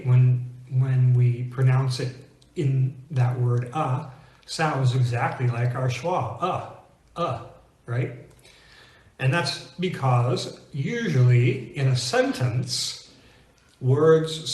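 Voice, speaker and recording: A man teaching English pronunciation in a clear, deliberate way, slowing down to stress example words. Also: medium pitch, darkish tone, roomy sound. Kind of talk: scripted teaching monologue.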